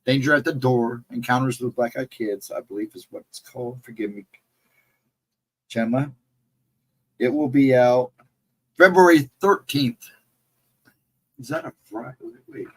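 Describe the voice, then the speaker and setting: A man chatting on a livestream and greeting viewers by name, in a rambling casual way, his voice hoarse and cracking from laryngitis. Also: mid-range voice, rough recording. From central Ohio, United States. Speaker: livestream co-host.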